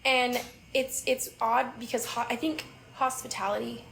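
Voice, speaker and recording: A woman's voice: fairly high pitch, level tone, unhurried, vocal fry, fairly bright tone, slight background noise, rough recording. A woman who owns a restaurant, a podcast guest talking casually, self-deprecating and heartfelt, often giggling. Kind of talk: casual interview chat.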